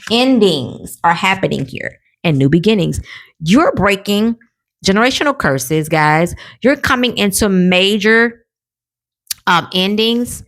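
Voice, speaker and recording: A woman from New Orleans giving a casual tarot reading at home to her viewers. She is chatty and encouraging, often tags her lines with "okay?" or "right?", and laughs often. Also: on the low side. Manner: animated, with frequent laughter. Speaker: tarot reader.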